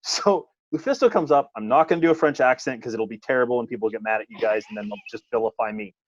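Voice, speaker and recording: A man's voice: medium pitch, quick pace, dry recording. A man, a wrestling referee, telling a funny story in casual podcast chat, poking fun at himself. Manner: self-deprecating, animated anecdote telling. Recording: dull lo-fi dry podcast audio.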